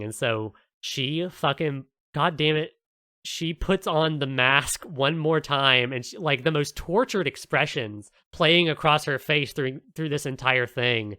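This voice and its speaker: A man co-hosting a podcast, excitedly retelling a story in casual talk and swearing a lot. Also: medium pitch, slow pace, dry recording. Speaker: podcast co-host.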